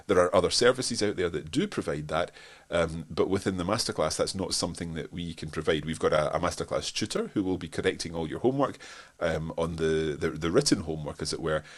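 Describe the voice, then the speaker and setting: A man with a Scottish accent and a stuffed-up nose, answering viewer questions in a live webinar, hesitant with frequent restarts. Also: deep voice. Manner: hesitant, many restarts and fillers.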